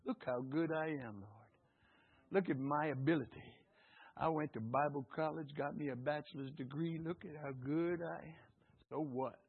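A man preaching a sermon, calling out questions to the congregation and rising to shouts. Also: on the high side, expressive, normal speed, breathy edge. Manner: call-and-response, rising to shouts. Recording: tinny phone-like sound.

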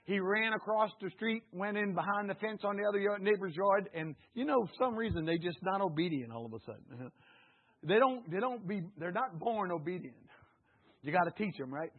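A man preaching a sermon, calling out questions to the congregation and rising to shouts. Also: high voice, expressive, fairly quick, breathy edge. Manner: call-and-response, rising to shouts. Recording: tinny phone-like sound.

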